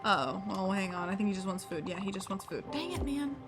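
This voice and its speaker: A woman's voice: mid-range voice, animated, a little fast. Chatty woman streamer over game music. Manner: chatty, playful, rambling, self-deprecating. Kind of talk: casual live gameplay commentary.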